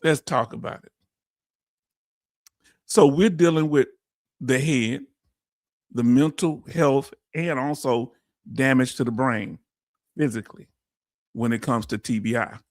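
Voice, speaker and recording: A man with a Houston, Texas accent hosts a casual live-stream explainer. He talks in an energetic, folksy way and keeps addressing his audience as family. His voice sits at a middling pitch, and the sound is dry and close. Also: unhurried, long pauses, no echo. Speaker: host.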